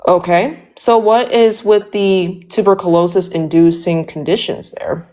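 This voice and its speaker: A woman's voice: lowish voice, steady tone, measured pace, dark tone. A young woman speaking as a guest in a casual political debate, hesitant and full of fillers.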